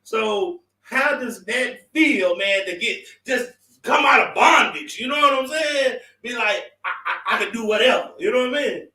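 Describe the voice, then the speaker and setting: A man's voice: extremely high pitch, expressive, unhurried, hardly any pauses, bright, forceful tone. A man hosting a casual group talk, speaking emphatically and hyping up his guests. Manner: emphatic hype-man interjections. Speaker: host. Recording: echoey room, distant mic.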